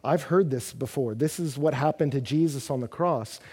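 A man preaching a sermon as a pastor, animated and rising to near-shouts at his peaks. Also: mid-range voice, normal speed, husky, long reverb tail.

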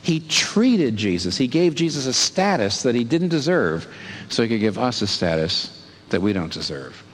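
A man preaching a sermon in an animated way, asking rhetorical questions and leaping up in pitch to stress a point. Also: moderate pace. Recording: long hall reverb.

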